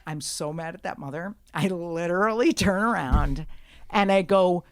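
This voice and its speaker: Profane, animated woman comedian telling stories. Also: lowish voice, normal speed, noisy background. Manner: profane, animated storytelling, bursts into shouting when acting out scenes. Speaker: guest comedian. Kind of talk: storytelling in a podcast conversation. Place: studio.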